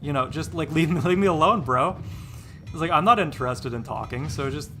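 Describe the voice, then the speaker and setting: Bright-voiced rambling male streamer. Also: on the high side, brisk, faint music behind. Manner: rambling, repeats words and restarts often; exasperated, dismissive. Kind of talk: casual chat while live-streaming a game.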